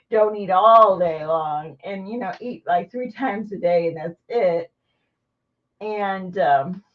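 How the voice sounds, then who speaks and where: A woman vlogging candidly to the camera, halting and rambling with lots of restarts. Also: mid-range voice, far from the mic, muffled recording. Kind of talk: candid personal vlog chat.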